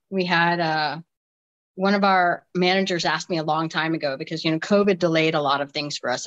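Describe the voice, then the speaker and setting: In a low-quality recording, a woman in her 40s, a deaf soccer player from the US, tells lively stories during a relaxed interview, laughing often and frequently starting over. Her voice is lowish and a little bright.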